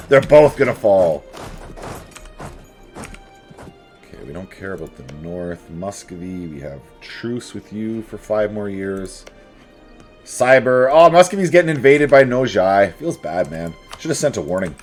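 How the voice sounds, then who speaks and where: A man giving casual, jokey commentary while playing a strategy game, chatting to his units as he goes. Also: medium pitch. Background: faint game music.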